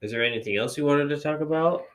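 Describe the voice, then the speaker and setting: This podcast co-host has a fairly high, somewhat bright voice and talks quickly. His conversation is loose and rambling, full of fillers, with an occasional curse thrown in.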